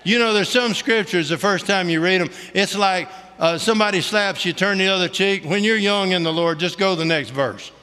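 A man's voice: high voice, normal speed, few pauses, pushed and bright, clean tone. A middle-aged man giving a folksy, humorous testimony sermon, speaking colloquially with lots of "ain't" and "you know". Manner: colloquial Southern-style grammar, "ain't". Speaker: preacher. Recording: long hall reverb.

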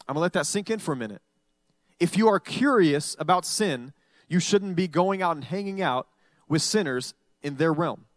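Man, pastor, high voice, dry close sound, conversational sermon, acts out listeners' lines. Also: fairly bright tone, dry recording. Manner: conversational preaching, acting out congregants' voices.

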